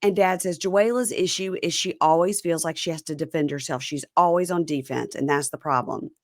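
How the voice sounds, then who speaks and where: A woman's voice: lowish voice, brisk, no room sound, clean studio sound. A woman hosting a casual chat, recapping a reality TV episode and acting out quotes from it. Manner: lively storyteller, acts out quotes from the show. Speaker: podcast host.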